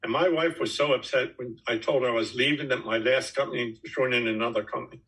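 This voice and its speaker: A man in his nineties answers a question by telling his own story. He talks in an emphatic, folksy way, with a bright and forceful voice at a middle pitch. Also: quick pace, rough recording. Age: 90s. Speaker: network marketing top earner speaking to his team.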